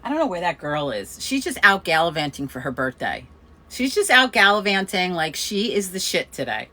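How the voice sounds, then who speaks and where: A woman's voice: lowish voice, normal speed. Chatty woman telling a story. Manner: chatty, laughs often, animated quoting of others. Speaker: host of a community coffee chat. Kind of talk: casual storytelling chat.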